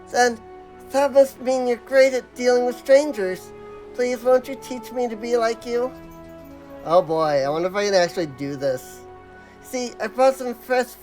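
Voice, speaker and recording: A meek young elephant-folk fisherman from a fantasy game, polite and nervous, his voice pitched high and unsure, performed by a man reading along. He sounds eager but anxious with strangers. Faint music plays underneath. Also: natural voice.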